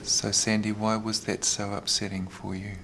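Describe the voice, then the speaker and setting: A man, facilitating a family meeting with gentle, measured questions. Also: lowish voice, level tone, gravelly, noisy background. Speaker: conference facilitator. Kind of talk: calm mediation talk.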